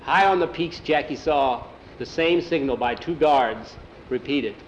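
A man's voice: fairly high pitch, measured pace, a little hiss or hum. A man telling an adventure story aloud, often repeating "he says" between lines. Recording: dull lo-fi recording.

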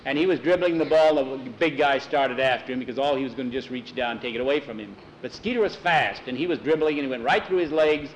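A man telling a sports story in a folksy, animated way, with many "he said"s. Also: mid-range voice, fast, hardly any pauses, a little hiss or hum, poor audio. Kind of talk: told story narration.

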